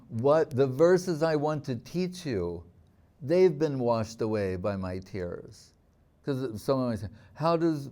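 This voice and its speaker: A man with a mellow, warm voice gives a devotional talk, telling stories reflectively to the people with him. He often slows down on key words and draws out phrases. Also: medium pitch. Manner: reflective storytelling, slowing on key words, chuckling. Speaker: spiritual teacher.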